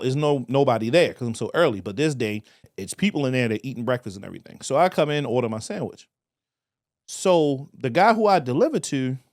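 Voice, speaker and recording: A man with a Baltimore accent telling a profane, animated story on a casual podcast, acting out voices as he goes. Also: mid-range voice, no room sound, studio quality. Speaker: podcast co-host.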